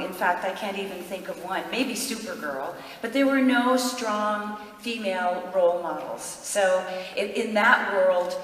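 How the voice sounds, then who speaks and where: A woman on a convention panel, answering in a chatty way and thinking out loud. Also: medium pitch. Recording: echoey hall from far off.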